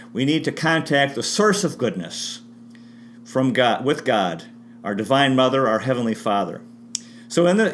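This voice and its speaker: A man gives an unscripted, rambling history talk with spiritual asides, often restarting and correcting himself mid-sentence. His voice is mid-range and a bit bright, with slight background noise.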